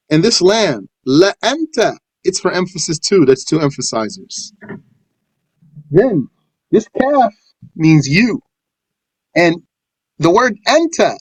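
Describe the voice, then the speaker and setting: A man giving a tafsir lesson, reciting verses and explaining them in English, with animated pitch leaps on points of emphasis. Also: no echo. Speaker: Quran teacher.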